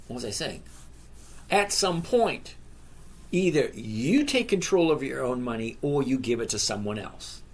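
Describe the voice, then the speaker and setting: Reading out viewers' questions on a relaxed live stream, a man in his sixties replies to each one by name. His voice is medium-pitched and husky, and his answers ramble along in a chatty manner.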